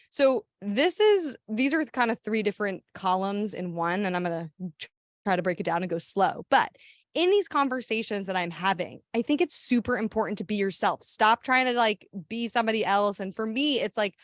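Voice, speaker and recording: A woman's voice: mid-range voice, animated, normal speed, no room sound, studio quality. Chatty, sassy young woman giving a talk. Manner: chatty and sassy, with lots of fillers and restarts. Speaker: activist giving a workshop talk. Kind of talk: casual workshop presentation.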